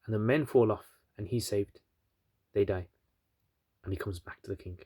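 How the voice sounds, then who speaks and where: A man's voice: fairly low pitch, normal speed, mellow, breathy edge, no room sound, clean studio sound. A man casually retelling a religious story, chatty with many asides and fillers.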